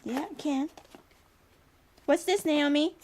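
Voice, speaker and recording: A woman's voice: high voice, slow pace, a little mellow. A woman speaking to a small child as a parent, coaxing and praising in a sing-song way while going through a picture book.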